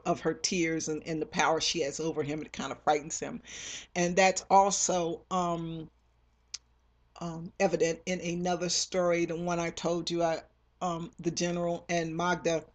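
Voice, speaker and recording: A novelist casually retelling scenes from their own stories, rambling with many fillers and restarts, and acting out characters' lines. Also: medium pitch.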